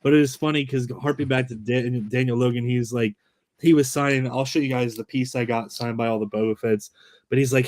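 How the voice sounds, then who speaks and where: A man hosting a casual recap chat, telling his stories with lots of acted-out quotes and swearing. His pitch sits in the middle and his voice is plain and ordinary. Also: fairly even intonation, fairly quick, a little mellow, no echo. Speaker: channel host.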